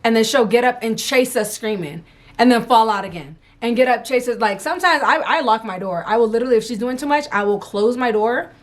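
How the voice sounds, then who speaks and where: Casting: young woman, a relaxed and frank mom vlogger speaking casually at home, unscripted. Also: on the high side, a little fast. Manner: frank, candid, loose and chatty. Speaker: mom vlogger answering viewer questions. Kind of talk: casual chat.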